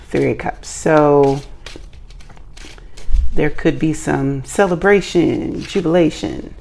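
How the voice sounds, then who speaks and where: A woman's voice: low-pitched, gravelly, warm tone, a little hiss or hum. A woman hosting her own channel, giving a casual tarot reading in a playful, chatty way with self-joking asides. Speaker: tarot reader and channel host.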